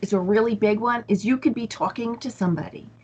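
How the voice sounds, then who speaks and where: A woman's voice: fairly high pitch, fast, slightly rough. A woman speaking as an interview guest, casually telling stories and acting out her own inner voice. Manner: animated storytelling, acts out her own inner voice. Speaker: guest, empath coach.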